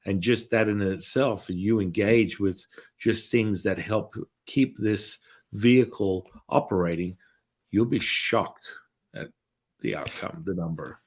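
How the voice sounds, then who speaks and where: A man's voice: lowish voice, slow, slightly rough. A man hosting a podcast who talks casually and hesitantly, with repeated starts. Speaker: podcast host. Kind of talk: casual conversation.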